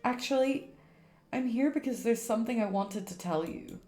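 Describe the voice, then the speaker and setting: A woman voicing a gentle, guilt-ridden teenage girl ghost from a game, in soft, confessional tones. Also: fairly high pitch, lively intonation, moderate pace, roomy sound. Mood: sorrowful. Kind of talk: reading game dialogue aloud on stream.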